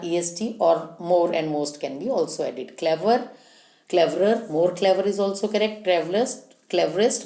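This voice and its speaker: A woman gives a grammar lesson in a slow, deliberate way, spelling letters and listing word forms. Her voice sits fairly low and mellow. The room rings with echo. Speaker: teacher. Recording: echoey room.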